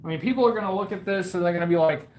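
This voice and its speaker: On a rough recording, a man with a high-pitched voice talks very fast. He hosts a toy review channel and chats casually on a live stream while drawing, joking in a mock-grand, bragging way and rambling with lots of fillers.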